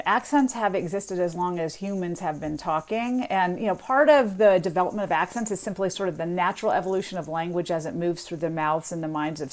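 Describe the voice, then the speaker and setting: Woman guest expert, mid-pitch, chatty explainer who mimics accents. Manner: chatty, explanatory, imitates accents, laughs lightly. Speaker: linguist guest author. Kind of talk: radio interview explanation.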